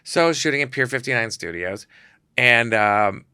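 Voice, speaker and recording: A man, a photographer and guest, telling lively, self-deprecating stories on a podcast. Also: medium pitch, moderate pace, clean tone, no echo, clean studio sound. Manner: animated, self-deprecating anecdotes. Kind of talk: storytelling on a podcast.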